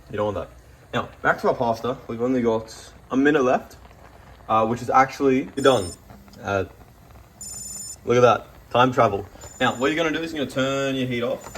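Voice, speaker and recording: A man giving a rambling, joking cooking demonstration in a home kitchen. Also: mid-range voice. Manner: joking, rambling, self-deprecating. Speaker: cooking vlogger.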